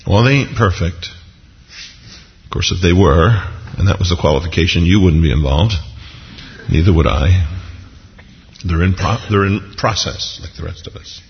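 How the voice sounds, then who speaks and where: A man with a low, gravelly voice preaches a sermon in a relaxed, conversational way, often turning to casual asides. His voice rings with a long hall echo and has a dull, lo-fi sound. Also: moderate pace, pauses often.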